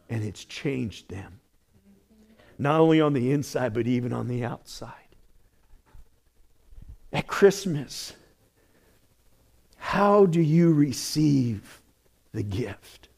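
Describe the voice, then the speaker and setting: A male pastor preaching a sermon with lively delivery, moving between loud exclamations and quiet, hushed asides. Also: mid-range voice.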